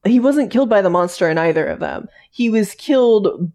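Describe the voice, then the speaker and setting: A woman's voice: medium pitch, lively intonation, moderate pace, warm tone. A woman co-hosting a casual podcast, chatting about a TV show with lots of "like" fillers. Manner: chatty, many "like" fillers and restarts.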